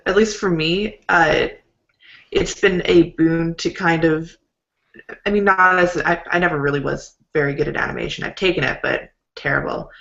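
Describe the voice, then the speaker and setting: Gravelly bright panelist on a call. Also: mid-range voice, dull audio. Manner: hedging, self-deprecating. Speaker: panelist, layout designer. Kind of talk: casual online panel chat.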